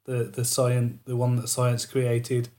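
A man's voice: mid-range voice, monotone, slow, warm tone. Man, podcast co-host, loose jokey delivery that wanders off topic. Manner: rambling, jokey, trails off on tangents. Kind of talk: casual chat.

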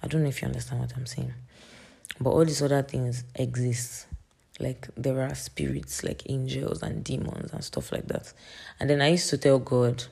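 Gravelly, husky-voiced young woman podcaster. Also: a bass voice, steady tone, moderate pace, dark tone. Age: late teens. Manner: earnest and rambling, with many fillers. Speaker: podcast host. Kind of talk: faith encouragement podcast monologue.

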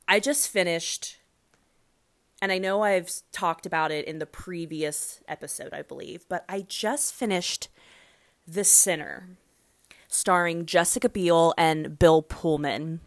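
A woman in her thirties hosting a solo podcast in a casual, rambling way, full of fillers and self-corrections, with sudden loud excited bursts. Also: lowish voice, takes it slowly. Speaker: podcast host.

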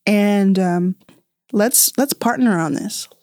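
A woman's voice: mid-range voice, slow, a little mellow, no room sound, clean studio sound. A woman hosting her own podcast, talking to listeners in an earnest, chatty way from a small podcast room. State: tearful. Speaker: podcast host. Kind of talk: casual heartfelt podcast monologue.

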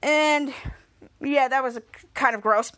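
A woman podcast host recaps an episode casually in a high, unhurried voice that is a bit bright and smooth. She rambles in run-on fashion, linking everything with "and."

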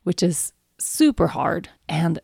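A woman's voice: on the low side, very animated, slow pace, vocal fry, darkish tone, husky, dry recording, studio quality. A woman in her thirties, speaking as a parent in a candid, reflective monologue full of "you know" fillers.

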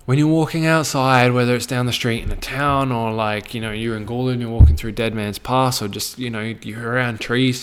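A man's voice: medium pitch, steady tone, a little fast, hardly any pauses, clear, resonant tone. An Australian man hosting a podcast, ranting casually with blunt, heavy swearing and a preachy tone. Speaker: podcast host.

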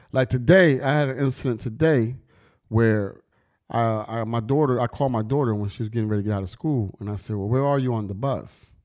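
A man's voice: mid-range voice, a little mellow. Slangy middle-aged man venting. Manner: emphatic, slangy, preachy storytelling. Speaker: vlogger and brand owner. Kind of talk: casual street-talk monologue.

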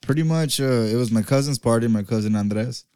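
A man's voice: mid-range voice, brisk, warm tone, clear, resonant tone, no room sound, clean studio sound. A young man, talking crude topics in a laid-back slangy way as a podcast co-host. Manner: laid-back, slangy, says "eh" and "you know". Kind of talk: crude casual banter.

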